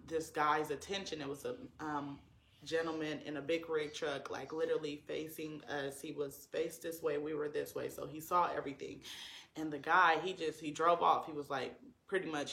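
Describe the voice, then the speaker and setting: Guy vlogging a story, kinda high voice with lots of vocal fry, earnest, says like a lot. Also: bright, forceful tone, reverberant. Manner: earnest, emotional retelling with many likes and ums. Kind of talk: personal storytelling to camera.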